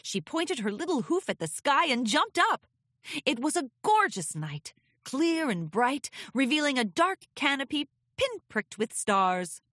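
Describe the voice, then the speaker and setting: A woman reading a children's storybook aloud with expressive, lilting narration. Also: sits high, measured pace, no echo, studio quality. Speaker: audiobook reader.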